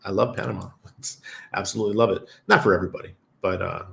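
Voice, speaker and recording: A man's voice: sits low, fast, creaky, a bit bright. A man hosting a casual livestream, reading viewer comments and rambling with frequent chuckles and fillers. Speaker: crypto livestream host. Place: lives in Panama.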